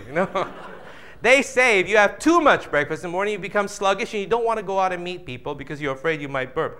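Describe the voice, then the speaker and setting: A man giving a live motivational seminar talk, animated and jokey, acting out voices of the audience. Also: high-pitched, quick pace, clear, resonant tone. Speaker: motivational speaker.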